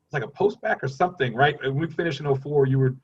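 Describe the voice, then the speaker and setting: A man's voice: a little high, fast, breathy edge, lo-fi sound. A man from Dallas in his thirties moderating a health panel, rambling with frequent laughs and restarts. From Dallas, Texas. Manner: rambling and self-deprecating, laughs often, many restarts. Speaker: forum moderator. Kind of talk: panel discussion.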